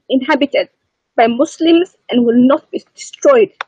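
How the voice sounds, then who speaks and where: A woman's voice: high voice, a little slow, a little mellow, slightly rough, no room sound. A woman calling into an online debate, emotional and defensive, hesitantly reading text aloud. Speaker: caller. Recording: dull lo-fi call audio.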